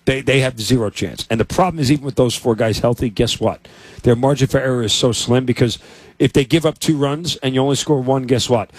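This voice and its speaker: A man's voice: medium pitch, fairly quick, breathy edge, no room sound. A man co-hosting a sports radio show, talking in a sarcastic, heated and emphatic way. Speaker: co-host.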